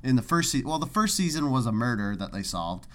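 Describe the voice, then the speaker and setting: A man's voice: medium pitch, a little fast. A man co-hosting a podcast from Canada, chatting casually and ranting with lots of swearing. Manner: profane, animated ranting. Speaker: podcast co-host. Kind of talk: casual chat.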